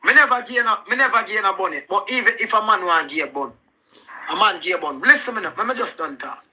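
Young Jamaican-accented man, very bright high voice, arguing hard. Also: fast talker, slight background noise, low-quality recording. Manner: insistent, repeats himself, talks over the other. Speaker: live-stream arguer. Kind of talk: heated live argument.

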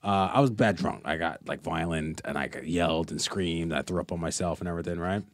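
A man telling an animated anecdote on a podcast, laughing along as he goes. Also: sits low, fairly quick. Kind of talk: casual storytelling.

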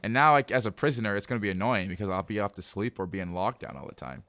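This man talks casually with his viewers as he streams a game, switching between relaxed play-by-play and frustrated outbursts. His voice sits a bit low. The sound is close and dry, with almost no room. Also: quick pace, no room sound. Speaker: livestreamer playing a management game. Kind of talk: casual live gameplay commentary.

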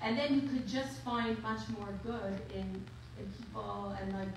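A woman's voice: on the high side, normal speed. A woman taking part in a class discussion, speaking in a hesitant, thoughtful way. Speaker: class participant. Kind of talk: casual discussion. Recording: distant, very echoey, noisy.

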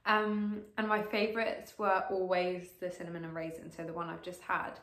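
A woman in her late teens chatting to camera as a vlogger while she eats, gushing and excitable, with lots of fillers. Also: fairly low pitch, moderate pace. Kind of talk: casual to-camera vlog while eating. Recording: roomy echo.

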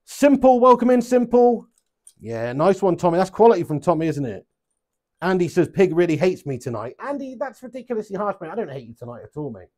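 A man's voice: sits high, very animated, a little fast, darkish tone. A man playing darts live, chatting to viewers and reading out their messages, joking, swearing freely and laughing a lot. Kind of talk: live stream banter, reading out chat. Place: home darts setup.

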